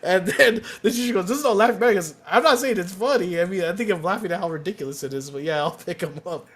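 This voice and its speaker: A man's voice: sits high, fast, fairly bright tone. Profane young man telling a story. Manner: rambling, profane, laughing at own story. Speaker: podcast co-host. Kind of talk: casual storytelling chat.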